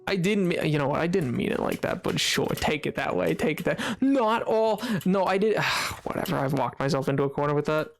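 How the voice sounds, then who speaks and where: A live streamer with a middling-pitched, gravelly voice chats loosely with viewers while playing, as quiet music runs faintly underneath. He talks fairly quickly and expressively with few pauses, rambling between half-finished stories and replies to chat, broken up by sudden squeaky, high-pitched yelps.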